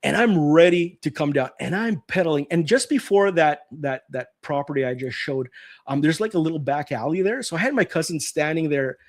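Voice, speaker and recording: A middle-aged man spins a childhood story on a live stream. His voice sits a little high for a man, and his delivery is lively, acting out his own and other people's lines along the way. It is relaxed, casual storytelling. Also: fairly quick. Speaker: host of a live nostalgia stream.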